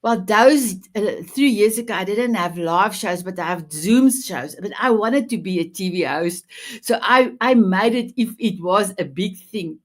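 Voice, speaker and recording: A woman in her fifties with a non-native English accent, hosting a talk show with effusive, direct warmth toward her audience. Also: mid-range voice, lively intonation, unhurried. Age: 50s. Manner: effusive, addresses audience directly, leads breathing exercise. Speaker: show host. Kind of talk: enthusiastic talk show opening.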